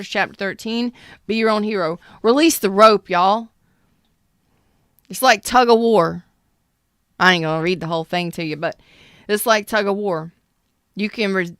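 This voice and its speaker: A woman talks through a tarot reading to her chat in a blunt, animated way, dropping curses and slang. Her voice is smooth and clear, recorded dry and close with no room sound. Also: medium pitch, no room sound. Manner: blunt, swearing, animated Southern-style slang. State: clearing throat after a cough. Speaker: tarot reader. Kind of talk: casual livestream tarot reading.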